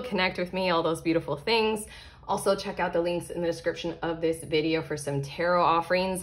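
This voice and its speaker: A woman giving a casual tarot card reading, excitable and chatty, laughing often and filling her talk with "like" and "you know". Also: on the low side. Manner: excitable, giggly, chatty with many fillers. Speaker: tarot reader.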